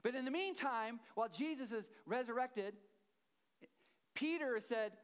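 A man preaches in a chatty storytelling way, stopping to check in with his listeners. He repeats key phrases for emphasis, and his voice sits high for a man. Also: measured pace, pauses often, clean tone. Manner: conversational storytelling with checks to the audience. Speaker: pastor. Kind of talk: sermon.

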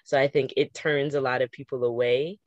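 A young woman in casual conversation, talking in an animated way with quick restarts and frequent laughter. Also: extremely low pitch, no echo, highs cut off.

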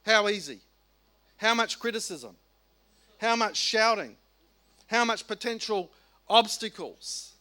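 A middle-aged Australian man preaching a sermon, animated and colloquial, firing off rhetorical questions. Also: sits high, takes it slowly, pauses often. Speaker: pastor.

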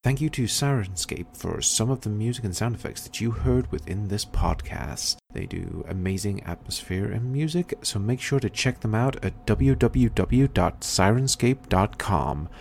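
A man hosting a tabletop game podcast, relaxed and a little hesitant in his sign-off. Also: on the low side, normal speed, gravelly, few pauses, a little hiss or hum. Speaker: podcast host. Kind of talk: casual chat.

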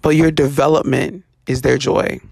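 A woman hosting a podcast, telling casual stories in an animated, expressive way, acting out quoted voices and laughing often. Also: a bass voice, normal speed, creaky, slightly rough, no room sound, clean studio sound. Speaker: podcast host. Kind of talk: casual storytelling monologue.

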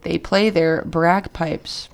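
A woman's voice: lowish voice, steady tone, slow, vocal fry. A woman co-hosting a radio show, playful and laughing often as she trades puns. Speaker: radio co-host. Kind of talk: casual radio chat.

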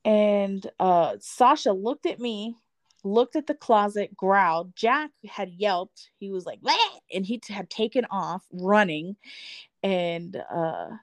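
A woman's voice: mid-range voice, takes it slowly, no room sound. A woman in casual conversation, telling a personal story with frequent laughs and free swearing. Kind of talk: casual chat.

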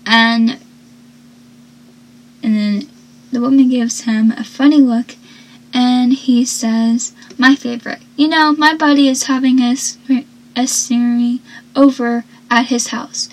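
A woman's voice: on the high side, fairly even intonation, takes it slowly, darkish tone, rough recording. A young woman casually recapping a TV episode, chatty and rambling, often correcting herself mid-sentence.

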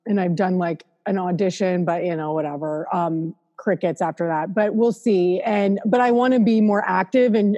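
A woman's voice: mid-range voice, mellow, long reverb tail. A woman hosting a podcast, asking questions in an eager, chatty way with plenty of fillers. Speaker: podcast host. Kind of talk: casual interview chat.

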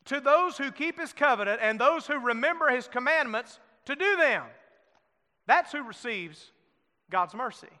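High-voiced preacher man in a reverberant hall. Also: expressive, normal speed. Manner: preaching with dramatic swings between loud emphasis and soft hushed lines; asks the congregation questions and voices their objections. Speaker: pastor. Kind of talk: sermon.

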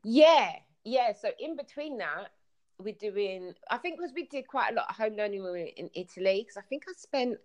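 Brief: woman, storytelling guest on a call-in podcast, animated, plays out dialogue. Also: medium pitch, normal speed. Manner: animated storyteller, acts out quotes. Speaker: guest telling travel stories. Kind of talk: casual podcast chat.

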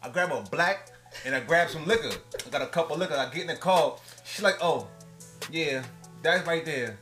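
A man, a guest on a podcast, telling a story in an animated way with laughs between lines. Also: on the high side, fast talker, soft background music. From New York. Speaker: guest rapper. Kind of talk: casual podcast chat.

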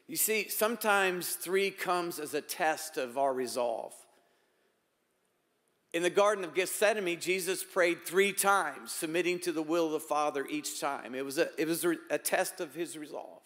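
Male pastor preaching, slightly high pitch, big swings from loud emphasis to soft asides, echoing church hall. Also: normal speed. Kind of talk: sermon.

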